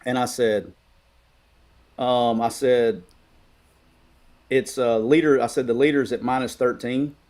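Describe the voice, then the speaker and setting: A middle-aged man from Alabama chats casually about sports as a co-host. He tells long, meandering stories, often restarting his sentences. His voice sits at an ordinary pitch for a man. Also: slow pace, pauses often. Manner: rambling, animated storytelling with restarts.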